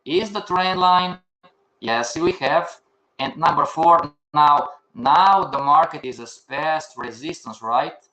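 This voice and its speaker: Older man, trading instructor, bright forceful tone, echoey room, asks and answers his own questions. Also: on the high side, slow pace, muffled recording. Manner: questions the class and answers himself. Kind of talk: live online class.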